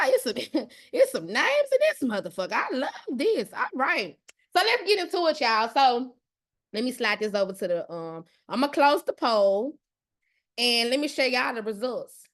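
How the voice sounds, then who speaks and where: A woman in her thirties with a Mississippi accent hosts a live online class. Her voice sits high, and she talks in a loud, brash, cussing way that stays playful and chatty. She is recorded on a computer mic in a live video session. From Mississippi, USA. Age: 30s. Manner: loud, profane, playful, talks straight to the chat. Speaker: host, online class teacher.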